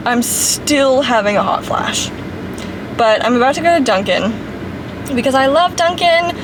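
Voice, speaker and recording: Young woman, Texan accent, chatty and rambling, fairly high voice, noisy background. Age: 20s. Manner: chatty, rambling, self-deprecating. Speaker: vlogger. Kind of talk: casual vlog chat. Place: in a car, then at home.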